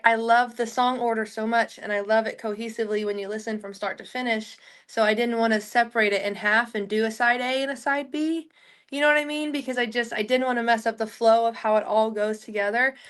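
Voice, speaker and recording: A woman's voice: on the high side, fairly bright tone. Chatty young woman from Oklahoma. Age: young adult. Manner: chatty, rambling storyteller with many "like" fillers. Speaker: country singer and guest. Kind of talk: casual interview chat.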